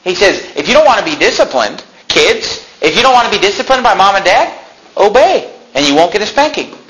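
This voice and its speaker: A man's voice: sits high, big pitch swings, brisk, a bit bright, poor audio. A man preaching a sermon as pastor, talking conversationally, often laughing and acting out complaining voices.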